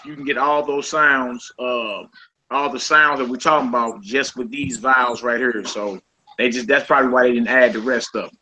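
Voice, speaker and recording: A man teaching a casual group Hebrew lesson over a voice call, quizzing his students in a relaxed, conversational way. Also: mid-range voice, slight background noise, poor audio.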